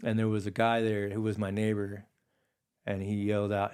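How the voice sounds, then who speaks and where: A man in his forties from Hawaii, guest on a podcast, who talks in a low-pitched, easygoing voice. He drifts through long personal stories in casual conversation, dropping plenty of "dude" and "you know" along the way. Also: flat delivery, moderate pace, darkish tone, clear, resonant tone. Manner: laid-back, rambling, peppered with "dude" and "you know".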